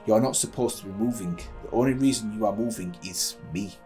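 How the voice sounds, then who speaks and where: A man's voice: fairly low pitch, fairly quick, mellow, faint music behind, close to an everyday voice. A man voicing a shy, anxious young girl mage, speaking meekly and pleading, read aloud. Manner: meek, pleading.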